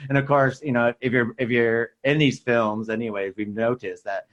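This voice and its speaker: A man's voice: mid-range voice, steady tone, moderate pace, dull audio. A man co-hosting a podcast, giving his opinions on films in a rambling, hesitant way with chuckles. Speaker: podcast co-host. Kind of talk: casual chat about films.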